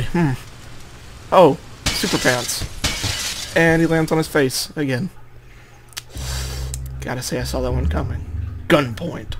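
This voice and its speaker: A man's voice: fairly high pitch, measured pace, pauses often. A young man hosting his gaming channel, chatting casually and joking as he plays through a game at home, with a fish tank fountain trickling faintly behind him. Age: young adult. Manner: chatty, joking asides, reads game text aloud under his breath. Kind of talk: casual let's play commentary. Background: faint fish tank water trickling.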